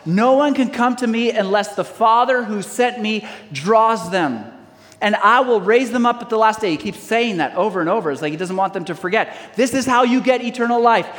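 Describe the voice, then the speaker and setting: A man's voice: high-pitched, normal speed, a bit bright, long reverb tail. A man preaching a sermon as pastor, reading scripture aloud and calling on the congregation to answer back. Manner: preaching with call-and-response to the congregation.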